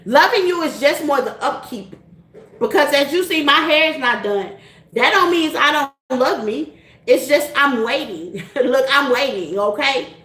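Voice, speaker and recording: A woman's voice: sits high, lively intonation, unhurried, a bit bright, roomy sound. A middle-aged woman hosting a casual chat to her viewers, laughing often and repeating her points in a direct, folksy way. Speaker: tarot reader and channel host.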